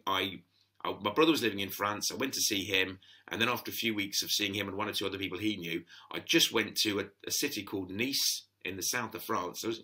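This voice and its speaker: A man's voice: fairly low pitch, bright, forceful tone. A middle-aged man telling stories in a chatty, rambling way, full of restarts, as a podcast guest. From England. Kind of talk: casual storytelling.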